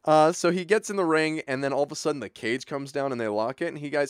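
A young man chatting casually as a podcast co-host, animated and full of filler words, acting out bits of dialogue. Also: a little high, fast, clean tone, no echo, clean studio sound. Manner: animated, lots of filler words, acts out lines. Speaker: podcast co-host recapping a movie. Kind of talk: casual chat.

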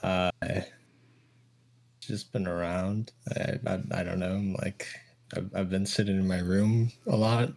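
A man's voice: low voice, flat delivery, measured pace, a little mellow. A man playing an awkward, stammering internet recluse who mumbles and hesitates.

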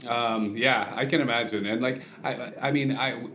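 A man's voice: mid-range voice, steady tone, normal speed, a bit bright. A man hosting a podcast interview, asking questions casually with many hesitations. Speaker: podcast host, restaurant owner. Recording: roomy with faint noise.

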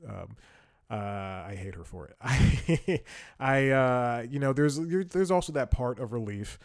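A man's voice: medium pitch, animated, slow pace, creaky, no echo, clean studio sound. A young man telling a work story in a casual podcast monologue, rambling with fillers, restarts and wry laughs. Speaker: podcast host.

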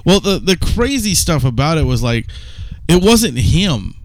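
A man's voice: on the high side, very animated, a little slow, no room sound. A man co-hosting a podcast, telling a long rambling story in casual chat with some swearing. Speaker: podcast co-host.

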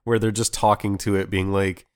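Brief: young man, very low voice, dry close sound, laid-back anime recap host. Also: moderate pace, smooth, dry recording. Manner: relaxed, rambling recap with fillers and restarts. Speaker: podcast co-host. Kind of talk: casual anime recap chat.

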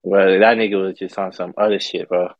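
A man's voice: sits low, flat delivery, a little fast, dry recording, dull audio. A young man telling a long, profane story to friends in a casual, rambling way, stumbling over and repeating words. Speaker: podcast storyteller.

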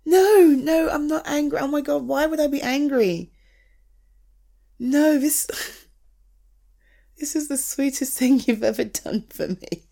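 Actress for a teasing, forgiving girlfriend in an audio drama: slightly high voice, slow delivery, lots of laughter and casual swearing. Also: creaky, dark tone, full character voice. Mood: tender, forgiving. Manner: laughs often, swears freely, teasing then tender. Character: affectionate young woman, teasing and forgiving partner. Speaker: girlfriend coming home. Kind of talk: scripted audio role-play.

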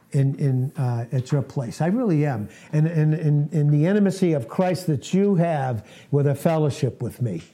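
A man's voice: fairly high pitch, dark tone. A man in his late sixties preaching an informal, earnest sermon to a small fellowship, often laughing at himself. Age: 60s.

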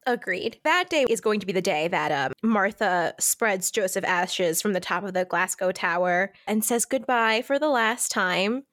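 A woman's voice: mid-range voice, normal speed, few pauses, fairly bright tone. A woman co-hosting a podcast, chattily recapping a book's plot and gushing over its sweet moments. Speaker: podcast co-host. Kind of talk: casual book-club chat.

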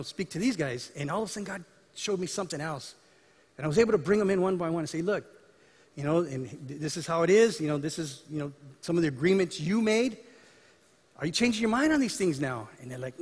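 Man, pastor, high voice, storytelling sermon, acts out dialogue, long hall reverb. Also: expressive, brisk, breathy edge. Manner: conversational storytelling preaching, acting out dialogue.

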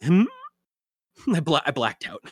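Low-voiced goofy woman co-host. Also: very animated, slow pace, darkish tone, slightly rough, no room sound, studio quality. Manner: goofy, stammering, jokey. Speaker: podcast co-host. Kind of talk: comedic podcast banter.

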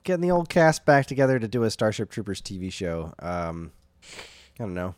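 A man hosting a casual podcast chat, reading out news headlines with frequent "uh" fillers in a relaxed way. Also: lowish voice, moderate pace, dry recording, clean studio sound.

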